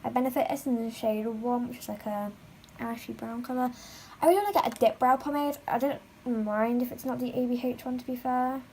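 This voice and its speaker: A woman's voice: fairly high pitch, fairly even intonation, a little fast, dark tone, a little hiss or hum, poor audio. A teenage girl chatting through a makeup tutorial at home, rambling and filling her talk with "like.". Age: teens. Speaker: beauty vlogger.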